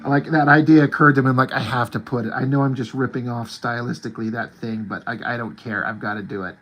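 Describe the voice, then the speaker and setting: A man's voice: medium pitch, steady tone, quick pace, fairly bright tone, faint music behind. A man in his forties hosting his own art channel, chatting casually and with enthusiasm about movies and comics, rambling and saying "like" a lot. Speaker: artist and channel host.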